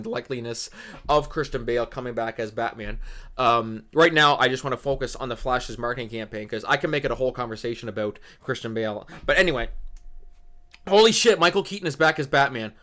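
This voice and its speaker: Excitable swearing young man on a podcast. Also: mid-range voice. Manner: excitable, swears a lot, keeps exclaiming. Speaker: podcast co-host. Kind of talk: casual podcast rant.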